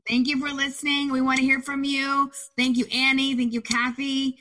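A woman's voice: sits high, steady tone, normal speed, pauses often, a bit bright. A woman co-hosting a podcast over a video call, bubbly and upbeat as she wraps up the show. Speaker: podcast co-host. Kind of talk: casual podcast with a scripted sign-off.

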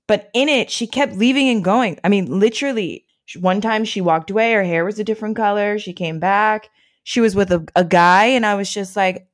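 A woman being interviewed, telling personal stories in a lively way, acting out quoted speech and laughing often. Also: medium pitch, fairly quick. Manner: animated storyteller who acts out quotes, laughs often. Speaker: interview guest. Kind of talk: casual conversation.

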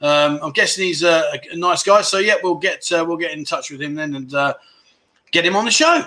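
A man's voice: a little high, brisk, pushed and bright. A man hosting a casual livestream, rambling frankly and calling his viewers mate as he reads out their comments. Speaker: livestream host.

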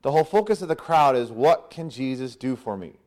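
A man preaching a sermon, acting out voices in a lively, conversational way. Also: medium pitch, fairly quick. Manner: animated, acts out crowd voices with "hey". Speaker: pastor.

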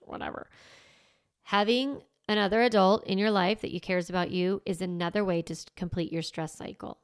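A woman's voice: mid-range voice, fast talker, clear, resonant tone. A middle-aged woman hosting a parenting podcast, giving casual advice and acting out little dialogues with a laugh. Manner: animated, acts out little dialogues, laughs often.

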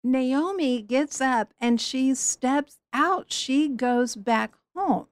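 A woman teaching on a Bible story in a lively way, acting out the voices she quotes. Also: high voice, very slow, smooth, no echo.

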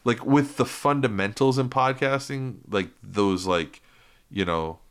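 A man's voice: medium pitch, unhurried, fairly bright tone, clear, resonant tone. A man co-hosting a podcast in casual chat, joking and rambling with lots of fillers. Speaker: podcast co-host.

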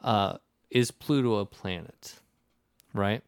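A man with a lowish, smooth voice hosts a casual podcast conversation at a slow pace, rambling in long stretches with many restarts and acting out the people in his stories. The recording is dry with clean studio sound.

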